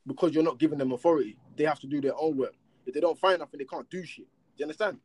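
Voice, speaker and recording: Man, casual chat, high voice, dry close sound, rhetorical and animated, slang-heavy. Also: very fast, breathy edge, no echo. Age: adult with children.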